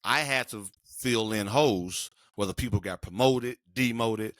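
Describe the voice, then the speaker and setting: A middle-aged man co-hosts a casual podcast, relating a personal story emphatically and with lots of slang. His lowish, fairly bright voice keeps a measured pace with few pauses, and the recording is dry and studio quality.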